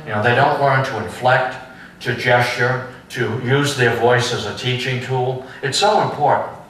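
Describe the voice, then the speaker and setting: A man giving a history lecture to an adult class, slow and emphatic, asking rhetorical questions and repeating phrases. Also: medium pitch, fairly bright tone, a little hiss or hum. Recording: echoey room, mic at a distance.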